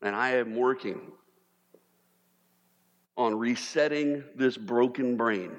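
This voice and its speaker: A man preaching a sermon as pastor, animated, sometimes mimicking panicked voices for humor. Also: mid-range voice, slow pace. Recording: long reverb of a large hall.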